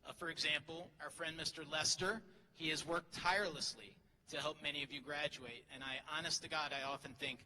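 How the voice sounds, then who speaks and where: A little fast and fairly even in intonation, this middle-aged teacher's fairly high voice sounds pushed and bright, with slight background noise. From a podium mic in a big graduation hall, he gives a funny speech of teasing and self-deprecation, heard with hall reverb and faint crowd ambience.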